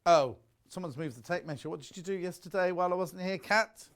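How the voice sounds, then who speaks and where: A middle-aged UK man with a high-sitting voice talks briskly while presenting fabric bundles on live shopping TV. His patter rambles and is full of jokey asides. He's in a warm studio with the shutter doors open.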